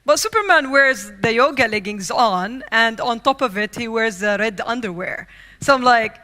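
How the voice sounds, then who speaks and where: A woman's voice: fairly high pitch, moderate pace. A young woman from the Middle East giving a humorous storytelling keynote speech, acting out scenes as she goes. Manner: lively, acts out scenes and quotes. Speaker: keynote speaker. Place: conference stage.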